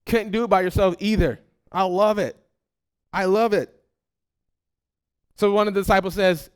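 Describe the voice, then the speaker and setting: Preaching to his flock, this pastor addresses them head-on with an animated, chatty style, performing the replies people might give. He speaks quickly in a high, clear, resonant voice.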